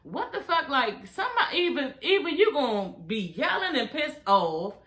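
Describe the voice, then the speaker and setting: A woman's voice: sits high, very animated, normal speed, fairly bright tone. A woman vlogger casually recapping a reality show, sassy and profane, talking straight to her viewers. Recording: echoey room.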